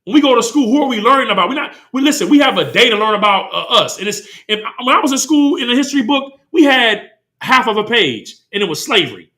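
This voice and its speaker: A man's voice: very high voice, very animated, fast, pushed and bright. A man preaching a sermon, heated and full of rhetorical questions, reading scripture between points. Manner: impassioned, rhetorical questions, slips into quoted voices. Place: congregation hall.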